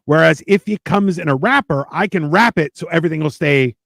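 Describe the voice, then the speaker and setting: Canadian dude with a gravelly voice, self-mocking stories, dry close mic. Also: male voice, a little high, brisk, fairly bright tone, dry recording. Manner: self-deprecating storytelling. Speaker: podcast guest. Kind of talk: casual chat.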